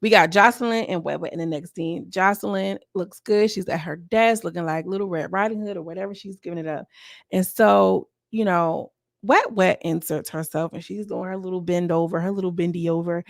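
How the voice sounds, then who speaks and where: A chatty woman reviewing reality TV in a sassy, gossipy way, speaking right to her audience. Her voice has a gravelly fry at the edges. The sound is dry and close, with no room around it. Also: fairly low pitch, brisk, dry recording. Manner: chatty and sassy, talks straight to viewers. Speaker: YouTuber reviewing a reality show. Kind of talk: casual gossipy commentary.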